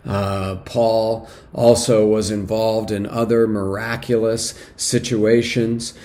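A man, a pastor, preaching a sermon in a measured teaching manner, pausing on fillers and restarts and lifting his voice when he urges the listeners. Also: on the low side, little pitch movement, darkish tone. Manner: measured teaching with frequent fillers and restarts, rising in emphasis for exhortation.

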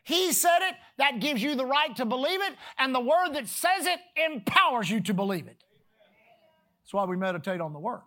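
Preacher, sermon, emphatic, loud-to-hushed swings, slow deliberate scripture reading, call-and-response. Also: sits high, big pitch swings. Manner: reads scripture slowly and deliberately; calls on the congregation to repeat words.

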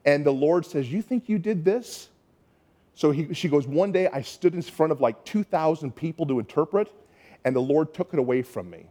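A man's voice: fairly high pitch, fairly quick. A man from Canada preaching, telling a story and acting out the people in it. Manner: animated storytelling, acts out quoted voices. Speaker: pastor. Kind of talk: sermon storytelling.

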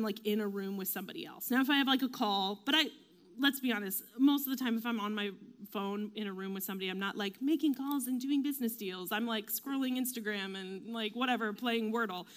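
A woman giving a casual faith talk, chatty and self-deprecating, with lots of fillers and quick acted-out quotes. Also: fairly high pitch. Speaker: devotional speaker.

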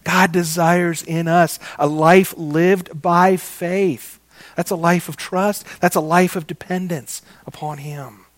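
Male preacher, slow deliberate delivery, dry recording, repeats lines for weight. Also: a little high, steady tone, no room sound. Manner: slow, emphatic, repeating phrases; addresses listeners as guys. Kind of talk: sermon.

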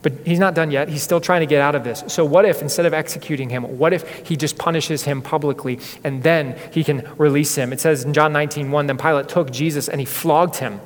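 A male pastor preaches with earnest, dramatic storytelling, his voice sitting somewhat high for a man. He is recorded in a church sanctuary, and a long hall reverb trails after his words. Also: steady tone, brisk, hardly any pauses. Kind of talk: sermon.

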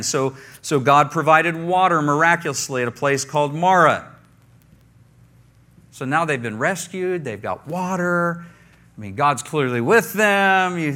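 A man preaching a sermon to a congregation in a conversational, animated way, often restarting his phrases and leading the listeners in repeating words. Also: a little high. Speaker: pastor.

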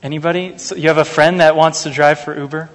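A man's voice: fairly high pitch, steady tone. Man preaching a sermon in an echoing hall. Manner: earnest, measured, anecdotal asides. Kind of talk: sermon with scripture reading. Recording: long hall reverb.

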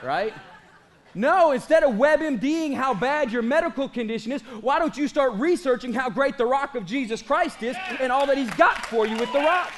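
This energetic sermon comes from a pastor in his late thirties whose voice is strikingly high for a man. Key lines get stretched out slowly and emphatically before he quickens again and kids around with his congregation.

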